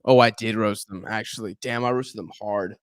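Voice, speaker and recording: A man's voice: lowish voice, normal speed, no echo. A young man hosting a football watch-along stream, chatting casually with his viewers and acting out what fans say about him. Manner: animated, talks to chat, acts out fans' complaints. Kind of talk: casual live-stream chat and match commentary.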